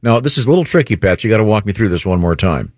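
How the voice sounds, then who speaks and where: A man's voice: lowish voice, animated, rapid-fire, dry recording. A man hosting a show in casual studio banter, chatty and enthusiastic. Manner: chatty, plugs a guest's special with enthusiasm. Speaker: radio show host.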